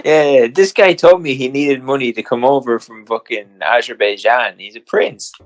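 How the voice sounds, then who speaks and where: A man's voice: medium pitch, moderate pace, poor audio. A man co-hosting a casual podcast, teasing his friend with wry, sweary remarks. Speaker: podcast co-host.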